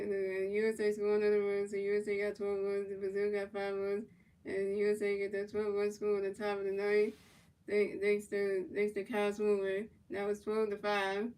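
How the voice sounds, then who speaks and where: A woman's voice: mid-range voice, darkish tone. A woman giving casual, stumbling play-by-play of a video game, repeating herself and dropping slang and swear words. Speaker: gaming channel commentator. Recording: voice picked up from a distance.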